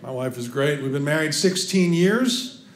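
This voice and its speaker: A male stand-up comedian making quick, wry asides to the audience. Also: fairly high pitch, expressive, heavy background noise. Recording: echoey live room, loud crowd.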